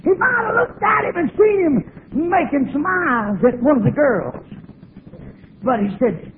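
A man preaching a revival sermon in a sobbing, shouting cadence, heard through a thin, tinny recording. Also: very high voice, sing-song, a little slow, a little hiss or hum. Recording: tinny phone-like old recording.

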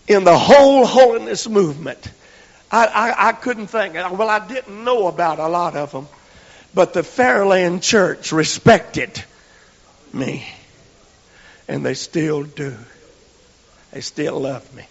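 A preacher man with a high, gravelly, husky voice tells his sermon slowly and folksily. He drops to near-whispers, then climbs to shouts. The sound is a lo-fi recording with a long, echoey church reverb. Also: animated. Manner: folksy storytelling, swinging from hushed whispers to shouts.

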